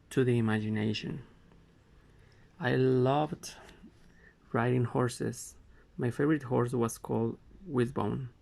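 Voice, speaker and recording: A man reading a memoir aloud, in a halting way with frequent stumbles and self-corrections. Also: medium pitch, vocal fry, darkish tone. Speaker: amateur reader.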